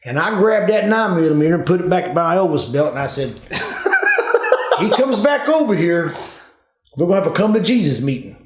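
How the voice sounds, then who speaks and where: A man's voice: on the high side, sing-song, fast talker. An older man, a retired police officer telling folksy stories in casual talk. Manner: folksy, drawling, addresses listeners as folks. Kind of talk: casual storytelling. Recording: echoey room.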